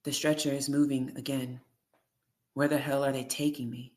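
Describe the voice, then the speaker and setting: An audiobook reader reading a first-person memoir in a steady, measured way. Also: mid-range voice.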